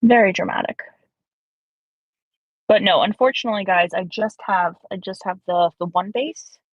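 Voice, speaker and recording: A woman chatting casually while streaming a game, animated and self-mocking. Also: mid-range voice, normal speed, dry recording. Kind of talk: casual gaming chat. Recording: slightly dull lo-fi stream audio.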